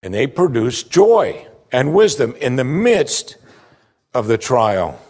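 A man preaching a sermon, emphatic and animated, asking rhetorical questions. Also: medium pitch, slow pace. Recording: long hall reverb.

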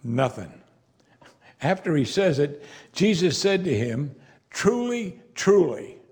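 A man's voice: on the high side, takes it slowly. A man preaching an expository sermon in a conversational way, now and then acting out the words of the people in the story. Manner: animated, conversational, playfully acts out quoted lines.

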